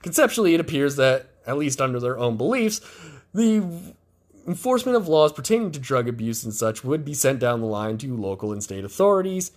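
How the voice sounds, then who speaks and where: A man's voice: mid-range voice, sing-song, a little fast, darkish tone. A male podcast host giving sarcastic, profane political commentary.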